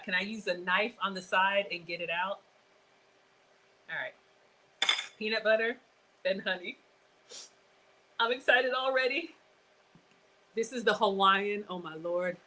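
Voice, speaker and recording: Excitable chatty woman hosting a cooking stream. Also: mid-range voice, low-quality recording. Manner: chatty, excitable, talks straight to viewers. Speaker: cooking show host. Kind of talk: live cooking stream chat.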